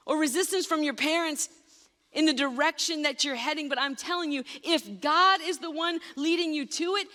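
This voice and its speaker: A woman's voice: high-pitched, a bit bright, big-room sound. A woman pastor giving a sermon, speaking emphatically and addressing her listeners directly. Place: church sanctuary.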